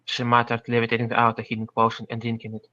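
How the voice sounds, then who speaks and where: A man reading a fan story aloud in English, a non-native speaker who stumbles and clears his throat now and then. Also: mid-range voice, monotone, fast, sharp tone, no room sound. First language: Russian. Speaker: reader. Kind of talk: amateur fan-fiction reading. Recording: dry, slightly muffled voice-chat audio.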